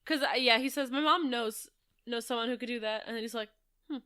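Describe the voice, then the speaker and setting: A woman co-hosts a relaxed movie chat, her voice sitting a little high. She laughs easily and often while she recounts favourite scenes. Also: fairly quick, clean tone. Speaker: co-host.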